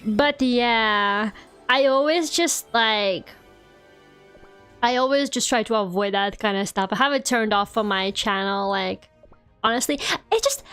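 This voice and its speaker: Chatty high-voiced woman streamer. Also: fairly bright tone, clean tone. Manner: chatty, ranting, many "like"s. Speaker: VTuber streamer. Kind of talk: casual live-stream chat while gaming.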